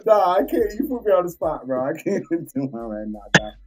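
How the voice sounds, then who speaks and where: A man's voice: a little high, big pitch swings, fairly quick, over music. A man in casual podcast banter, laid-back and slangy, asking joking questions.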